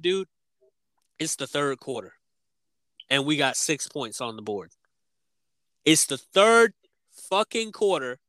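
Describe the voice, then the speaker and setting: Bright-voiced man ranting about football. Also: fairly high pitch, no room sound, rough recording. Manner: frustrated, emphatic, swearing. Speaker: podcast co-host. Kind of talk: heated sports rant.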